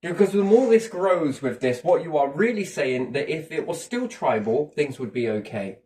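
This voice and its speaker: A man's voice: on the high side, animated, normal speed, dark tone, far from the mic, rough recording. Rambling, opinionated man. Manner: rambling, opinionated, swears, restarts. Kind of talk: casual chat.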